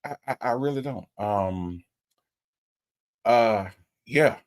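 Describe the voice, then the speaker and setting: A man's voice: medium pitch, expressive, takes it slowly. A man hosting a show, casually reading viewer comments and reacting with laid-back exasperation. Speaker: host reviewing a recorded call.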